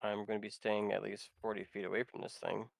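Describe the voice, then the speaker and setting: A man's voice: on the low side, monotone, quick pace, creaky, dry recording. A man playing a tabletop game, talking casually with the others. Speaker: player. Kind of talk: casual tabletop role-play.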